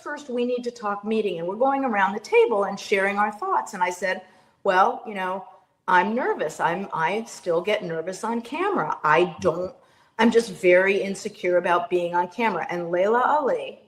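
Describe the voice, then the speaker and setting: A middle-aged woman chatting as a podcast guest, telling lively stories and acting out her own shouting. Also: medium pitch, moderate pace. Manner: animated storyteller, acts out her own yelling. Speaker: guest, sports analyst. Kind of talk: casual podcast chat.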